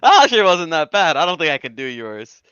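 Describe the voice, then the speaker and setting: A laid-back man co-hosts a casual live stream, quick to laugh. His voice is bright and lively, rising and falling a lot. The audio is dry and a little muffled. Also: a little high, clear, resonant tone, dry recording. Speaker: co-host and debate partner.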